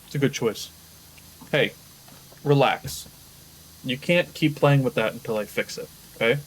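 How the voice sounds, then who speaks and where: A man's voice: mid-range voice, unhurried, breathy edge. A man chatting during a game stream who keeps breaking off to scold and coax his pets. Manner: scolds his pets between chat, firm then coaxing. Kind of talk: casual chat.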